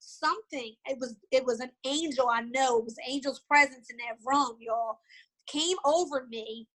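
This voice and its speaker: Bright high-voiced woman on a call. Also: low-quality recording. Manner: animated storytelling, repeats words. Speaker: guest. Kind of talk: casual video call chat. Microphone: video call.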